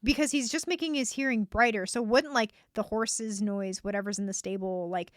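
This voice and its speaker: A woman's voice: mid-range voice, steady tone, normal speed, no echo, clean studio sound. A woman co-hosting a podcast, chatting casually about a book and paraphrasing its scenes. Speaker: podcast co-host.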